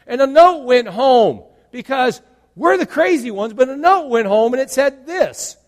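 Animated high-voiced male preacher. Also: normal speed, long reverb tail. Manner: animated, acts out imagined dialogue and jokes. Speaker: pastor. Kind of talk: sermon.

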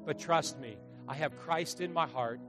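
A man's voice: a little high, normal speed, over music. A middle-aged man preaching a sermon as pastor, telling stories with jokes and acting out the voices of people in them. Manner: animated, joking storyteller who acts out voices.

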